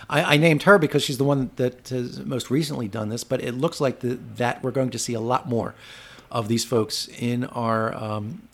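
Mid-pitched male co-host, measured and hesitant, uses fillers. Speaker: podcast co-host. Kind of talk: casual political chat.

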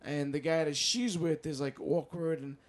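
A man's voice: fairly high pitch, steady tone, normal speed. A man co-hosting a casual podcast, telling rambling, profane stories. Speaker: podcast co-host.

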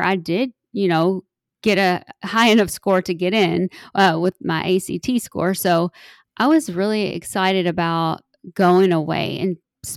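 A woman in her forties with a Southern Kentucky accent, a podcast guest talking candidly with frequent ums and pauses. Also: mid-range voice, no room sound. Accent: Southern American, Kentucky. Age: 40s. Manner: candid, relaxed, hesitant with fillers. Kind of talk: casual interview chat.

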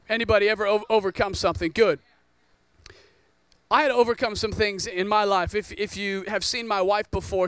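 A man's voice: sits high, a bit bright, smooth, dry recording. A man in his thirties, a pastor, preaching a sermon and telling a joking personal story.

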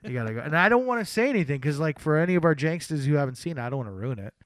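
A man's voice: fairly high pitch, sing-song, rapid-fire, dry recording, studio quality. A man co-hosting a podcast, joking around and rambling with lots of restarts. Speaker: podcast co-host. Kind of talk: casual podcast chat.

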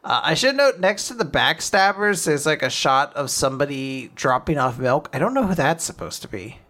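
A woman's voice: low-pitched, normal speed. A woman co-hosting a casual chat, recapping a manga chapter and acting out the characters' lines with laughs. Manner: animated retelling, acting out quotes with laughs. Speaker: podcast co-host recapping manga.

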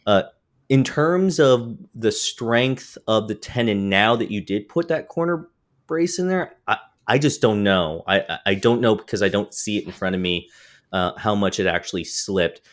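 ポッドキャストで木工の質問に答える男性。言いよどみやフィラーが多く、しゃっくりが出ている。. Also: male voice, fairly low pitch, lively intonation, normal speed. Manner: hesitant, many fillers and restarts. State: has the hiccups. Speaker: podcast co-host. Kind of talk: casual chat.

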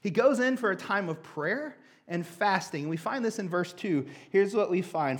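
Young pastor, high voice, casual and jokey sermon style. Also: male voice, expressive, moderate pace, few pauses. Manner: casual, joking, conversational preaching.

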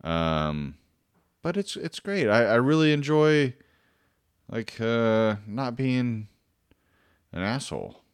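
A man's voice: medium pitch, very animated, slow, long pauses, smooth, no room sound, studio quality. A man casually telling a personal story, rambling and self-deprecating, with lots of fillers, restarts and swearing.

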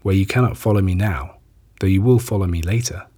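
A man reading a calm, solemn Jesus. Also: low voice, husky. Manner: measured, solemn.

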